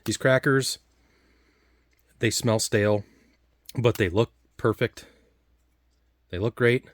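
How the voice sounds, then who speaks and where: A man's voice: fairly low pitch, no echo. A man casually talking through a taste test of old food, rambling and restarting his sentences a lot. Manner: rambling, halting, full of restarts and fillers. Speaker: food reviewer.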